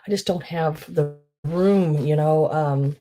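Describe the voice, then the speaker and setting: A woman hosts a live online sale with a low, mellow voice. She chats casually and rambles, filling pauses with "um" and restarting sentences. Her tone stays soft rather than bright. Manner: chatty and rambling, many fillers.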